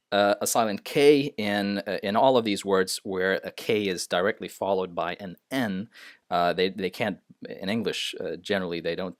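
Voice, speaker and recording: Hesitant low-voiced male teacher. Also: no echo, clean studio sound. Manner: hesitant, many uh fillers and restarts. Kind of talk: unscripted screen-share lesson.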